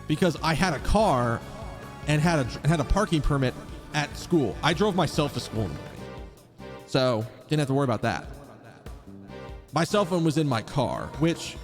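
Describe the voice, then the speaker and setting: A man streaming a game, telling a rambling, profane story in a casual way. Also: on the high side. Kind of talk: casual storytelling while gaming.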